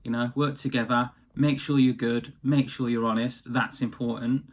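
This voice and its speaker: A man's voice: medium pitch, level tone, moderate pace, close to an everyday voice. Casual retold-tale fairy, stern, blunt, played by a man in his own voice. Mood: instructing. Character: magical female fairy, stern but fair.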